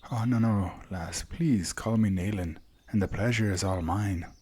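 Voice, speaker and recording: A man voicing a kindly, slightly nervous man from afar who talks softly in a folksy, stammering way. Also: on the low side, unhurried, husky. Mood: friendly. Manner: soft, warm, stammering, folksy speech.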